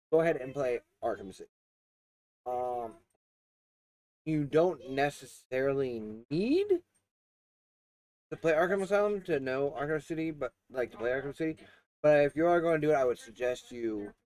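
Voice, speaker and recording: A man talks through a video game review in a casual, meandering way, full of fillers and restarts. His voice swings lively up and down while staying mid-pitched. He coughs and clears his throat now and then. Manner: rambling, with many fillers and restarts.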